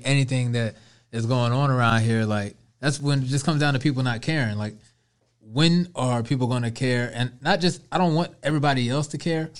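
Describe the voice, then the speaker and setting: A man talking casually on a podcast, loose and conversational, stretching words for emphasis. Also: medium pitch. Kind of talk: casual chat.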